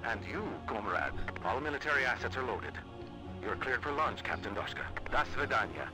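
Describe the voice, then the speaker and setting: An actor playing a brisk male military radio controller in a video game, speaking in clipped radio chatter. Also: medium pitch, big pitch swings, close to an everyday voice, rough recording. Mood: friendly formal. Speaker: station control radio officer. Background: game music.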